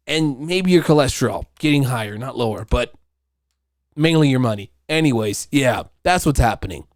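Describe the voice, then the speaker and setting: A man's voice: mid-range voice, expressive, normal speed, dry recording, clean studio sound. A man hosting a podcast, telling stories in a casual, profane, rambling monologue with frequent laughter. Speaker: podcast host.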